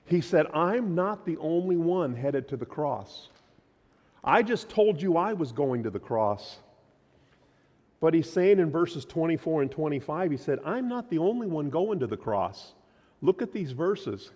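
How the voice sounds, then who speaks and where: A man preaching a sermon as pastor, emphatic, his voice swinging from loud declarations to quiet, low lines. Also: big pitch swings, moderate pace. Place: church sanctuary. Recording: long hall reverb.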